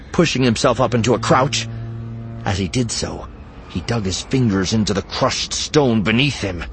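A man reading an audiobook in scripted narration, dramatic and expressive, moving between hushed and urgent delivery. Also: lowish voice, slight background noise.

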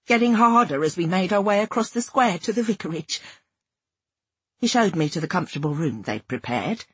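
A woman reading a first-person story aloud, expressive and acting out the dialogue. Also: on the low side, husky, no room sound. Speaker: audiobook narrator. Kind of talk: scripted first-person narration.

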